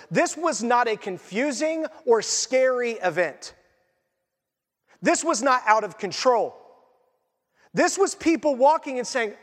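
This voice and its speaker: A male pastor preaching a sermon in a conversational, animated way with casual asides. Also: very high-pitched, normal speed. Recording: long reverb in a large hall.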